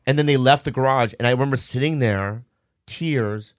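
A man's voice: medium pitch, normal speed, dry recording, clean studio sound. A man from Minnesota in casual conversation, candidly telling a rambling personal story with lots of fillers.

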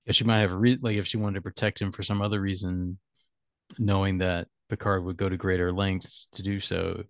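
A podcast host with a fairly low voice thinks aloud in a relaxed, meandering chat, frequently chuckling. He speaks fairly quickly, and the sound is close and dry with no room sound at all.

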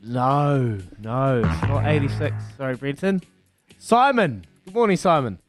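A man's voice: medium pitch, lively intonation, measured pace, music in the background. A man with a New Zealand accent hosting a breezy radio quiz, teasing callers and counting down aloud. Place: radio studio.

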